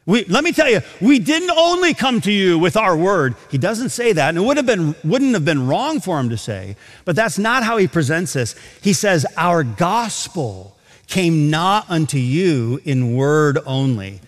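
A man preaching an expository sermon to a large auditorium. His voice sits a bit high and moves through a wide, animated range as he stresses scripture lines. A long reverb trails behind his words in the hall. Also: normal speed, few pauses.

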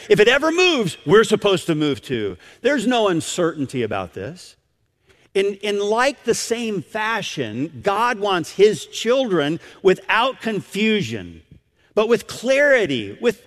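A man preaching a sermon, telling stories in an animated way and often restarting his phrases. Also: high-pitched, big-room sound. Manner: animated storytelling with repeated restarts.

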